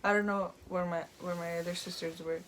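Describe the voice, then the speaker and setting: A woman's voice: fairly low pitch, steady tone, a little fast, a bit bright, slight background noise. Young woman rambling through a storytime. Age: young adult. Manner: rambling, full of "like" and "um". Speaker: vlogger telling a personal story. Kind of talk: casual storytime.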